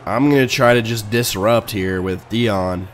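A man casually commenting on his own video game match, excitable and swinging between low muttering and sudden loud outbursts. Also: measured pace, slight background noise. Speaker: video game player and channel host. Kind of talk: casual let's-play commentary.

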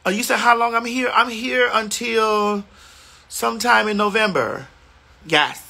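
Woman livestream host on a phone, high and bright, brassy and sassy, talking back to comments from a hotel room. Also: a little slow, gravelly. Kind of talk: casual livestream chat.

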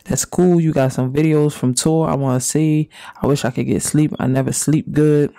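A man doing casual, profane reaction commentary and reading messages aloud, with drawn-out reactions. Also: fairly high pitch, fairly even intonation, mellow, no echo. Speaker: commentary YouTuber.

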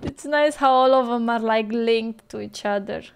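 A woman's voice: fairly high pitch, normal speed, background noise. A woman hosting a movie reaction video, chatting casually, laughing often and tripping over her words. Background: film audio playing faintly.

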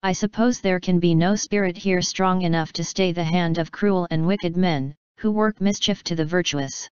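A woman's voice: on the low side, normal speed, a little mellow, smooth, no echo, muffled recording, natural voice. A woman reading a story aloud voices a virtuous young wife mourning her husband's fate. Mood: mournful. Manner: mournful, pleading.

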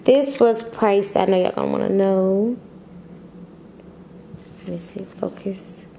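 A woman's voice: medium pitch, slow pace, vocal fry, background noise. A woman vlogging casually at home, chatty and slangy, laughing often. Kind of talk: casual vlog chat.

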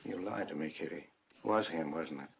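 A man's voice: a bass voice, fairly quick, slightly rough, full character voice. A meek, pleading middle-aged man from a 1940s film. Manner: soft, pleading.

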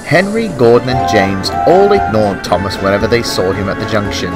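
A man narrating a children's railway story in an expressive reading voice. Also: on the low side, moderate pace, few pauses, faint music behind, low-quality recording.

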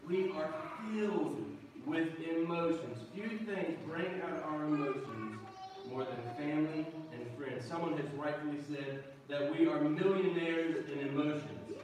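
In a church sanctuary, a man with a slightly high voice preaches a sermon as pastor at a measured pace, folksy and joking as he calls out to the congregation. The recording is echoey, picked up from a distance in the church hall, with background noise.

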